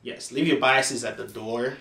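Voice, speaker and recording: Reacting to a clip, a man from Africa chats casually and emphatically to the camera, speaking right to his audience. His mid-range voice is bright and pushed, with vocal fry, fairly even intonation and a slightly slow delivery. The sound echoes around the room.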